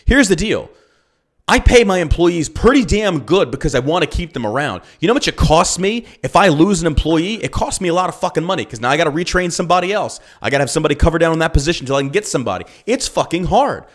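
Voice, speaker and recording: Speaking quickly with lively intonation and a somewhat high pitch, this male podcast host and business owner from Texas goes off on politics. His delivery is profane and heated, packed with rhetorical questions.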